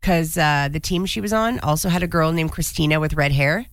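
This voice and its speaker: A chatty woman co-hosting a radio show, talking in an easy, upbeat way and reading out messages from listeners. Her voice sits on the lower side. The sound is close and dry, with no room echo. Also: brisk. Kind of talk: casual radio chat.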